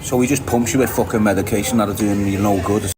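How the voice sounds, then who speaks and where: Fast and steady, with a voice on the low side, this Liverpool livestream host reads viewer comments over background noise. He chats bluntly and casually, swearing often and laughing a lot.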